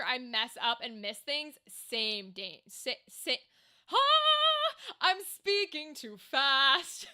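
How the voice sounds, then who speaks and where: A young woman chats on a home live stream in a high, bright voice. She rambles, trails off and answers chat as it comes in. Her mic sits on a cluttered table in her room. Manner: chatty, rambling, reacts to chat. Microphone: desk microphone.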